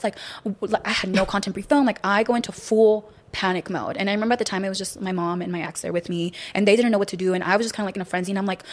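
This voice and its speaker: Fast, rambling woman telling a story. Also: mid-range voice. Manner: rambling, filler-heavy. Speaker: guest in a played clip. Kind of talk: confessional storytelling.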